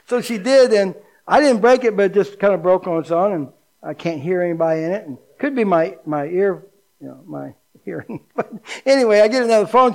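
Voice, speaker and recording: Animated high-voiced man preaching. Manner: animated preaching, dropping to hushed, low emphasis. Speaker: pastor. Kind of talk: sermon.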